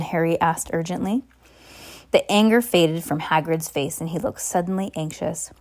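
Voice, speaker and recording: A woman's voice: on the low side, normal speed, darkish tone. A woman narrating a children's novel as an amateur audiobook, stumbling and correcting herself as she reads. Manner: stumbling, self-correcting reading. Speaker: reader.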